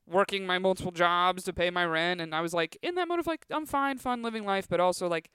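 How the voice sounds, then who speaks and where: Thirties woman rambling thru a story on a podcast, says like a lot, bright crisp voice. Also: fairly low pitch, brisk, no echo. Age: 30s. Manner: rambling, lots of filler "like". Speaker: comedian guest.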